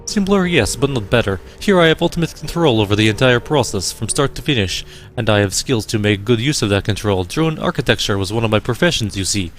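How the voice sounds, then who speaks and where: A man's voice: lowish voice, lively intonation, soft background music, close to an everyday voice. A man voicing a cultured drone engineer. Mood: measured. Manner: courteous, measured and formal. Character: cultured Russian male drone engineer, polite.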